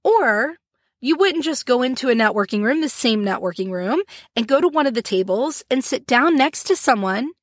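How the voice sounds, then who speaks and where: Lively high-voiced woman podcast host. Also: normal speed, dry recording, studio quality. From Florida, US. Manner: animated, laughing, acts out little scenes. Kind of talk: solo podcast talk.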